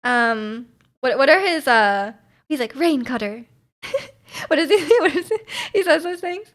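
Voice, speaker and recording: Woman, young adult, streamer, casual chat, giggly, rambling, high voice. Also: expressive, normal speed, fairly bright tone. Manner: giggly, rambling, trails off into mumbles.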